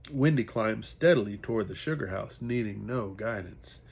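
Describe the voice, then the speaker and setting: Slow, expressive male storybook reader. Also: on the low side, creaky, husky. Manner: amateur reading with self-corrections. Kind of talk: reading a children's novel aloud.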